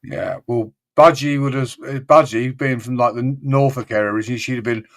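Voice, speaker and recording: A man's voice: medium pitch, moderate pace. A man from England, chatting casually on a livestream panel and mimicking regional British for laughs. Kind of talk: casual chat.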